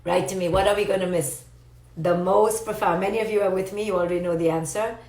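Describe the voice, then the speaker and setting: Animated woman teaching live, roomy sound. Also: lowish voice, fast talker. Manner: animated, playful, answers viewer comments. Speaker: psychologist giving a live talk. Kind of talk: live-stream motivational teaching. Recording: roomy echo.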